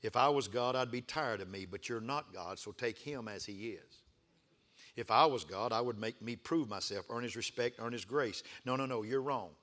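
A man preaching a sermon in a rhythmic, repeating cadence, rising from quiet to fervent calls for the congregation to respond. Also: medium pitch, normal speed. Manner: builds from hushed to fervent shouting with call-and-response.

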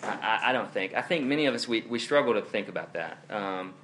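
Young male pastor, casual sermon delivery, chuckles through stories, crisp bright tone. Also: fairly low pitch, brisk, a little hiss or hum. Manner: animated, chuckling, storytelling asides. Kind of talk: conversational sermon.

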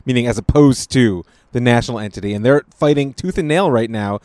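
A man co-hosting a casual podcast, talking in a measured, analytical way with short interjections. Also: medium pitch, darkish tone, no echo. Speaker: podcast co-host. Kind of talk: casual political chat.

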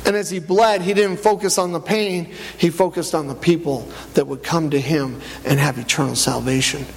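A man preaching a sermon, animated, rising to loud peaks and dropping low. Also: normal speed, gravelly, a little hiss or hum. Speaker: pastor. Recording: long church hall reverb.

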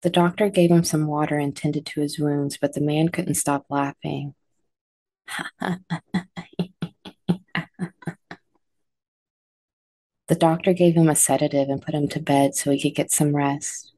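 Woman narrator, scary stories, low voice, mellow, measured and dramatic, dry sound. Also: steady tone, no echo. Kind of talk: scripted horror story narration.

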